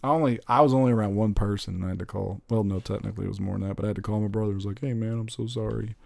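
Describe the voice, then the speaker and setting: A man in casual chat, rambling and excitable, swearing freely as he talks about movies. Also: fairly low pitch, racing, gravelly, dry recording. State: recently recovered from covid.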